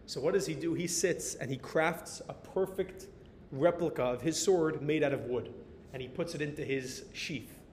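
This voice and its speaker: An American man telling a story in a sermon as a Torah teacher, animated and dropping in Hebrew and Yiddish words. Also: moderate pace. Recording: reverberant hall with faint rumble.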